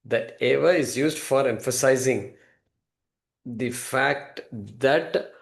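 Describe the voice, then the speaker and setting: Man teaching scripture, gravelly tone, patient, repeats key points. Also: mid-range voice, normal speed. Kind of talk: explaining scripture to students.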